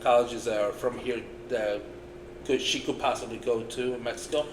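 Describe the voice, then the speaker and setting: A relaxed man on a podcast, middle in pitch, who wanders through his points with plenty of fillers and laughs easily. The room echoes a little, with a faint hiss behind him. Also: normal speed. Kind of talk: casual podcast chat. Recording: roomy with faint noise.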